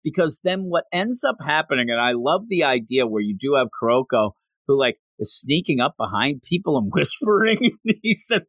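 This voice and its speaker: A man in casual chat, animatedly recapping a story and acting out the characters' lines in quick voices. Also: on the high side, very animated, a bit bright, dry recording.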